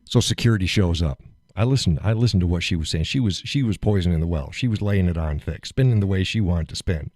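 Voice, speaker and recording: Gruff-talking middle-aged man telling a story. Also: sits low, fast, no echo, clean studio sound. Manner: animated retelling, acts out quotes, profane, laughs often. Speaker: live show host. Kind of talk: casual storytelling on a live stream.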